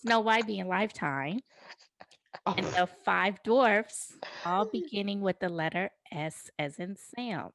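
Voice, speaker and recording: A woman's voice: medium pitch, expressive, slow, creaky, fairly bright tone, dry recording, clean studio sound. A woman hosting a casual recap chat from home on a video call, playful and theatrical as she announces. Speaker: host.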